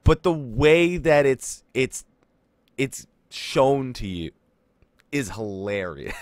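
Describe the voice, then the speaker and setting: Chatty gamer man, lively voice. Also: medium pitch, extremely slow, pauses often, dry recording. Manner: chatty, laughs often, rambling. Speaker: gaming YouTuber. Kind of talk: casual let's play commentary.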